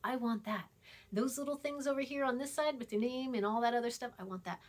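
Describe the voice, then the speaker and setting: Her voice a little high and her pace brisk, a woman college writing instructor gives an online lecture on recording. She's chatty and emphatic, says things more than once, and whispers her asides.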